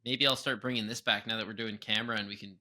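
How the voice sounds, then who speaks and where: A young man co-hosting a podcast in casual chat, animated, often breaking into exaggerated impressions. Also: fairly low pitch, fast. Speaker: podcast co-host.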